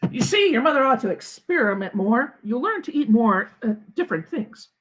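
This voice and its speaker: A man's voice: extremely high pitch, big pitch swings, normal speed, a bit bright, full character voice. A woman doing a cheerful bumbling dad. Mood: coaxing. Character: cheerful, bumbling father cooking for kids.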